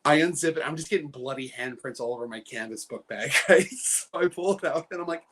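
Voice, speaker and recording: A man's voice: a little high, brisk, a bit bright. Man telling a rambling story. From Canada, British Columbia. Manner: rambling storyteller with frequent fillers and laughter. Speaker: guest. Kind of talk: casual anecdote telling.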